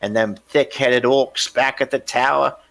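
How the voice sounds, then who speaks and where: A man voicing a gruff, greedy male boatman smuggler, coarse and boastful. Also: mid-range voice, fairly even intonation, unhurried, a bit bright, voice pushed up. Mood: gloating.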